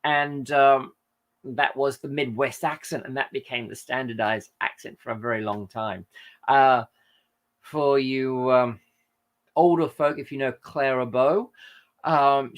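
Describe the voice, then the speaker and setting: A man's voice: mid-range voice, measured pace. A man hosting a live stream, chatting casually and reading out viewer comments, rambling and often correcting himself mid-sentence. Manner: rambling, frequent self-corrections and fillers. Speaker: host.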